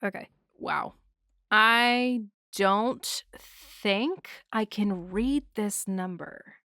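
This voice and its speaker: Woman podcast host, casual and excitable, swears a lot; clear voice, dry close mic. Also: mid-range voice, drawn-out words, dry recording. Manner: excitable, swears often, laughs a lot, acts out scenes. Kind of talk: casual movie recap.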